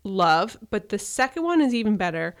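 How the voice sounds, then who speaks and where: A woman's voice: medium pitch, sing-song, moderate pace, no echo, clean studio sound. A young woman co-hosting a podcast, chatting casually and swearing freely. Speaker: podcast co-host. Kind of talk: casual chat.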